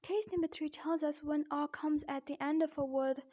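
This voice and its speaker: A woman teaching an online pronunciation lesson, repeating example words slowly and addressing viewers as guys. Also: high-pitched, steady tone, warm tone. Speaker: English accent teacher.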